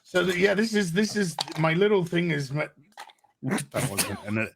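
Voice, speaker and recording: Gravelly, playful man on a call. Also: sits high, sing-song, unhurried, fairly bright tone, slight background noise. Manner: jokey, playful posh put-on asides. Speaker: podcast panelist. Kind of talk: casual chat.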